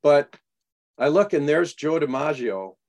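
A man being interviewed as an author, telling animated stories and acting out the dialogue. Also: a little high, measured pace. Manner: animated anecdotes, acts out quoted dialogue. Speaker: guest author. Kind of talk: storytelling in a radio interview.

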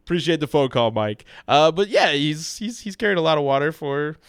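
A man's voice: on the high side, lively intonation, a little fast, smooth, no echo, clean studio sound. A man hosting a call-in talk radio show, talking through his opinions and taking calls in a conversational way.

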